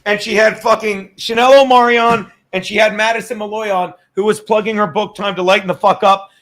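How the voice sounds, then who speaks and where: A man's voice: high-pitched, fairly even intonation, fairly quick, a bit bright. A middle-aged man hosting a podcast, rambling in casual, profane chat and laughing often. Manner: rambling, profane, laughs a lot, drinking on air. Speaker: podcast host.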